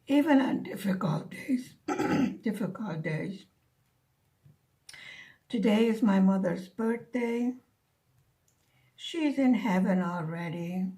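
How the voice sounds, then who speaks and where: A soft-spoken woman talks with her viewers as she works on a diamond painting, musing unhurriedly. Her pitch sits in a middle range and she takes her time over each thought. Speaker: craft vlogger. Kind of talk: casual chat while diamond painting. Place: living in Hungary, at home.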